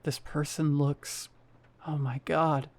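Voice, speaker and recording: A man voicing a frightened elderly woman who speaks in a shaky, hushed whisper. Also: a little high, little pitch movement, slow.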